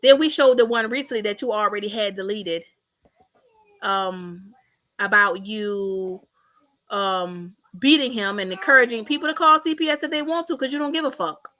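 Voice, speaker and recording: A woman's voice: mid-range voice, moderate pace, sharp tone. A woman hosting a reaction commentary, blunt, mocking and sassy as she replays clips. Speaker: commentary channel host.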